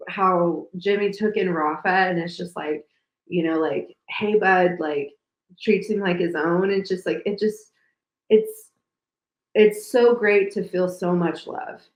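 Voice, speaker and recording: A woman's voice: on the low side, fairly even intonation, measured pace. A woman co-hosting a podcast in casual chat, talking emotionally and gushingly with many fillers. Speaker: podcast co-host. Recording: roomy echo.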